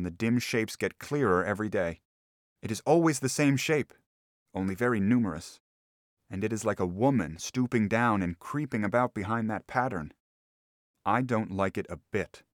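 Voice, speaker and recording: A man reads a classic story in a measured, deliberate way. His voice is low, and the studio recording is dry and close. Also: no echo. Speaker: audiobook narrator. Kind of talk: scripted narration of a classic story.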